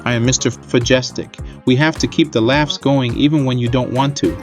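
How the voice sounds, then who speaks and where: A man's voice: mid-range voice, steady tone, normal speed. A man hosting a comedy show, introducing the next act in an upbeat announcer manner. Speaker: show host. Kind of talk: stage introduction. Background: music.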